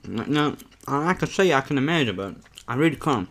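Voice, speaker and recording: Brisk and animated, with a medium-pitched, slightly bright voice, a young man chats casually while eating on camera. It's a mukbang vlog, and he rambles candidly, often dropping "man."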